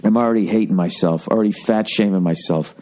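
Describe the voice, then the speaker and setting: A man's voice: lowish voice, quick pace, a little mellow. A man in his forties, a podcast host, telling a loose, profane and self-deprecating comic rant that rambles and restarts mid-sentence. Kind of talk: casual comedic rant.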